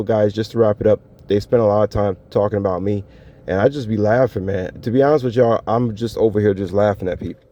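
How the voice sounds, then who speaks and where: A man's voice: fairly low pitch, mellow. A man talking casually to his viewers in a solo monologue, laid-back and slangy, often breaking into laughter. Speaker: vlogger. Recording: dull lo-fi audio.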